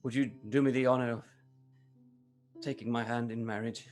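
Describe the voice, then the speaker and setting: A man's voice: mid-range voice, little pitch movement, moderate pace, darkish tone, soft background music, voice pushed down, lightly acted. A man voicing a nervous, earnest bachelor suitor proposing marriage in a tabletop role-play.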